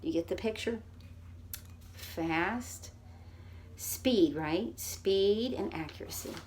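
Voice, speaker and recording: A middle-aged woman, a speech therapist, giving an instructional demonstration with clear, exaggerated sound drills. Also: mid-range voice, lively intonation, slow, background noise.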